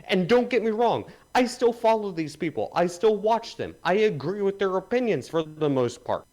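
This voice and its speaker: A man's voice: high-pitched, animated, normal speed, darkish tone, rough recording. A man co-hosting a livestream, delivering an angry, profane rant. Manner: angry, swearing, emphatic. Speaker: podcast co-host.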